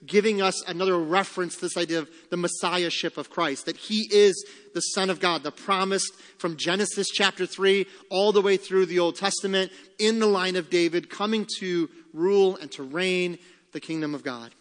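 A man's voice: high voice, steady tone, normal speed, long reverb tail. A man preaching a sermon as pastor, emphatic, repeating key lines and asking rhetorical questions.

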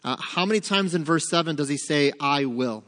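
Teaching Scripture in a hall, a man with a voice on the high side and a fairly bright tone keeps a moderate pace. He quizzes the class and then answers his own questions in this interactive Bible study.

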